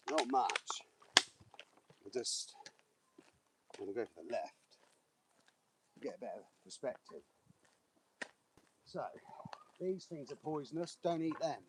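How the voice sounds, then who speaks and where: A man's voice: on the high side, very noisy. A man live streaming on his phone while walking outdoors, chatting rambly to the camera. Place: outdoors on a walk. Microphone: handheld phone.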